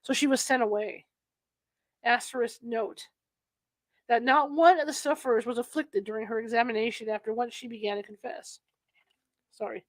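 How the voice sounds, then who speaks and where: A woman's voice: on the high side, no echo. A woman reading aloud from a history book, often stumbling and restarting over old-fashioned wording. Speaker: reader.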